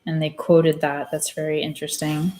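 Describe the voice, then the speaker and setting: A woman's voice: low voice, level tone, normal speed, mellow, slight background noise. A woman hosting her own channel, reading a book aloud and breaking off into blunt, opinionated commentary. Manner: opinionated, blunt asides between read passages. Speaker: channel host.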